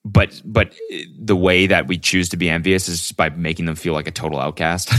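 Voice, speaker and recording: Deep-voiced rambling podcast host. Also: male voice, steady tone, normal speed, hardly any pauses, a bit bright. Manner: rambling, profane, lots of fillers. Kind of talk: casual solo podcast monologue.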